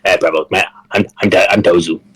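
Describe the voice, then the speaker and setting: Dude playing his character in a tabletop game, lowish voice, lots of "like". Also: fairly even intonation, a little fast, fairly bright tone, husky, low-quality recording. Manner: casual, hesitant, with lots of "like". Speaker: player. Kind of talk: tabletop role-play.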